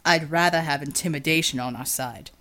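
A woman's voice: sits low, brisk, a bit bright, pitched below the performer's own voice. A woman voicing a dry-witted male team member. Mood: wry. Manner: wry, dry.

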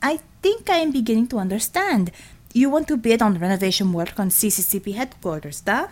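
Stern Russian woman commissar, read by a female narrator: blunt, proud, clipped and article-free, lively pitch. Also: fairly quick. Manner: clipped, drops articles, formal. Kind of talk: audiobook character voice.

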